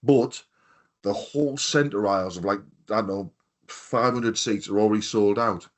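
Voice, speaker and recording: A man in his fifties co-hosts a podcast, speaking in a lowish voice at a moderate pace. He chats casually, spinning rambling anecdotes packed with swearing and voices of the people he quotes.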